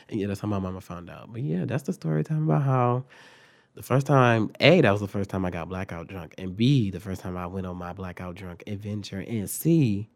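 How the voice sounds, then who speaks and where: A young man telling a profane storytime on his vlog, animated and jumping his pitch and volume up when he quotes people. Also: creaky. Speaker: vlogger.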